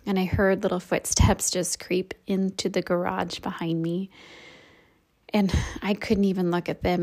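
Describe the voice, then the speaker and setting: A woman in her thirties, a podcast host, telling a candid personal story for a devotional show, reflective, with soft laughs. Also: lowish voice.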